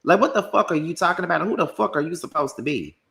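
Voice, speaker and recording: A man delivering a combative, profane commentary rant packed with rapid-fire rhetorical questions. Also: fairly high pitch, lively intonation, creaky, sharp tone. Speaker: commentary YouTuber.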